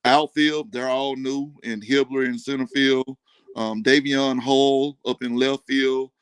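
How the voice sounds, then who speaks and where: A man's voice: mid-range voice, takes it slowly, clear, resonant tone, dry recording. Male baseball commentator guest; plain matter-of-fact delivery, dry close-miked sound. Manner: even, matter-of-fact, with frequent "um". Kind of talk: casual sports chat.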